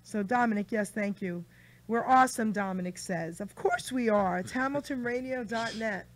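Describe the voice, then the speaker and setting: A woman's voice: on the high side, normal speed. A woman hosting a radio show, chatty and gushing with her guest, reading out a rhyming poem. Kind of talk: casual radio chat.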